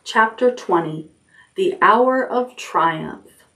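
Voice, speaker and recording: A woman librarian reading a children's chapter book aloud at bedtime, gently, raising her voice for the characters' lines. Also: expressive, drawn-out words. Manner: gentle storytelling, lifts pitch for character lines.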